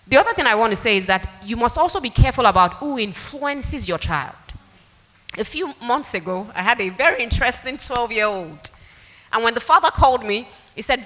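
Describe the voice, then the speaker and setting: A woman giving a public talk to parents, telling stories and acting out the dialogue. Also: a little high. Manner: animated storytelling, acts out dialogue. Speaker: speaker at a parenting event. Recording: long hall reverb.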